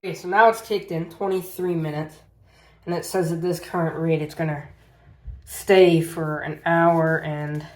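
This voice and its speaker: A man's voice: fairly high pitch, flat delivery, unhurried. A man casually reviewing a power bank on his channel, rambling and often repeating himself as he talks through the tests. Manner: rambling, repeats "as you can see". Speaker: tech reviewer. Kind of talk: casual product review vlog.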